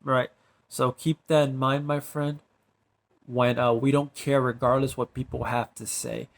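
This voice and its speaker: A man rambling in a monologue to the camera, constantly tagging his sentences with "bro" and "right", and trailing off into quiet drawled asides. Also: mid-range voice, level tone, a little slow, gravelly.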